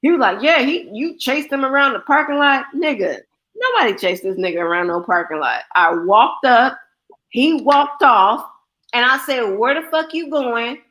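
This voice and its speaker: A woman's voice: fairly high pitch, sing-song, moderate pace, pushed and bright. A young adult woman hosting a livestream, telling blunt, profane stories and acting out the people in them. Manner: blunt, profane storytelling with quoted voices. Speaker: livestream host. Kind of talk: casual chat.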